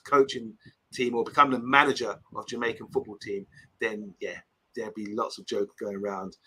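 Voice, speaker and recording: A man's voice: fairly low pitch, fairly even intonation, moderate pace, bright, forceful tone, husky, poor audio. A man hosting a casual live stream, reading viewer comments aloud and rambling between topics. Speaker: host.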